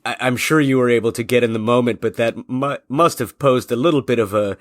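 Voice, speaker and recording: A podcast host interviewing a guest, asking long, thoughtful questions. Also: male voice, medium pitch, fairly quick, dry recording, clean studio sound.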